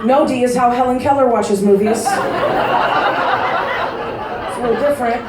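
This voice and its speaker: A woman in her thirties doing a crude stand-up comedy set, delivering brash, deadpan punchlines to a live audience in a large casino showroom. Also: fairly high pitch, fast talker, distant mic, over a noisy crowd, very noisy. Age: 30s. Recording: roomy live-venue recording from afar.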